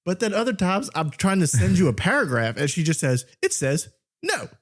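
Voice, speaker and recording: A man's voice: high voice, big pitch swings, brisk. A young man co-hosting a podcast, telling stories in casual chat, often laughing and mimicking a voice assistant. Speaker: podcast co-host.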